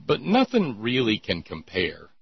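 A man's voice: medium pitch, huge pitch swings, a little slow, husky, no echo, dull audio. A man hosting a talk show, chatting in a rambling, sardonic way with many restarts. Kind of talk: casual call-in show banter.

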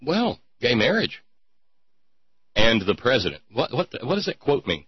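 A man's voice: medium pitch, very animated, unhurried, pauses often, slightly rough, no room sound. A man hosting a sarcastic commentary show, rambling with lots of fillers. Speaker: host. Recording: dull lo-fi podcast mic.

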